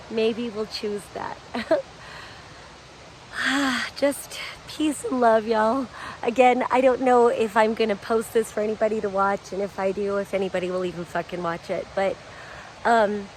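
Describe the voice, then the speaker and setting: A middle-aged woman from Colorado talks in a slow, meandering way while high on psychedelics. Her voice sits high, and she drifts between thoughts with frequent laughter and casual swearing. Faint outdoor ambience hums behind her. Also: slight background noise, rough recording. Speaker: vlogger and mother. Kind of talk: casual rambling monologue. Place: outdoors in the woods.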